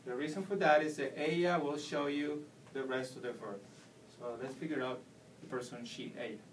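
A man's voice: mid-range voice, steady tone, moderate pace. A man giving a whiteboard lesson as a Spanish teacher, explaining patiently step by step. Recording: distant mic with faint room noise.

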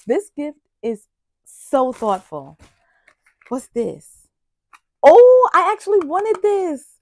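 A young woman talks straight to her viewers in an easy, unhurried drawl, excitable and chatty. The sound is close and dry, with no room echo. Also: fairly high pitch. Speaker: vlogger unboxing gifts. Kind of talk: casual unboxing chat. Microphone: external mic on camera.

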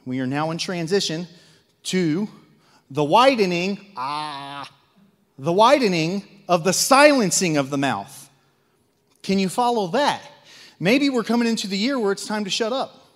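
A man with a Midwestern American accent preaching a sermon, swinging between loud zealous outbursts and hushed asides, full of rhetorical questions and repetition. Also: high voice, lively intonation, a little slow, in a large hall. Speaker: lay preacher. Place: church sanctuary.

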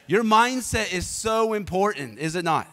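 Energetic man preaching in a reverberant church. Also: high-pitched, moderate pace. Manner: energetic, conversational, prompts the congregation to respond. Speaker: pastor. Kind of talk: sermon with personal storytelling.

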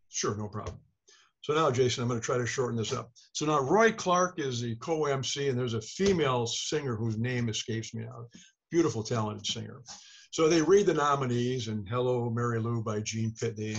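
An older man recounts an anecdote in a rambling, self-deprecating way and acts out the voices of the people he quotes. His voice is husky and of middle pitch. The remote recording sounds dull and lo-fi. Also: lively intonation, normal speed. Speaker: author and interview guest. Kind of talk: casual storytelling.

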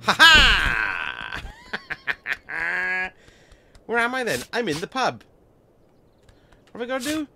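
A man's voice: extremely high pitch, sing-song, brisk, long pauses, sharp tone, soft background music. A man giving cheeky, chatty commentary while playing a game on a live stream, swearing and laughing often. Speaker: gaming streamer. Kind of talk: casual let's-play commentary.

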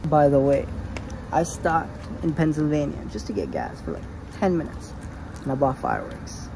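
With a slightly high, sing-song voice at a moderate pace, a young man chats through a casual road-trip vlog from his car. He's rambling, nervous and self-mocking, and background noise can be heard.

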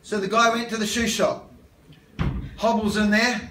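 A man's voice: high voice, steady tone, normal speed, noisy background. A man preaching a sermon, telling stories and acting out the characters in comic voices. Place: church hall. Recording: echoey hall, mic from a distance.

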